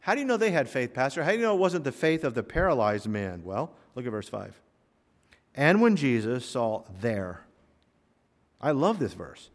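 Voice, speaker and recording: Animated preaching man in a reverberant hall. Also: medium pitch. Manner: animated, acts out voices in quotes. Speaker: pastor. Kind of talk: sermon.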